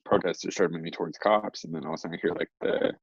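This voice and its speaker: A man's voice: low-pitched, fairly even intonation, very fast, gravelly, breathy edge, no room sound. A young man, a guest in an interview, telling a story casually and rambling, with lots of fillers. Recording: dry, slightly dull lo-fi recording.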